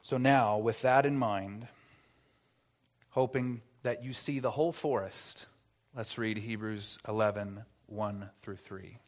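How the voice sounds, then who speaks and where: A man's voice: on the low side, steady tone, slow. A man preaching an expository sermon as pastor, earnest, asking rhetorical questions and stressing key words.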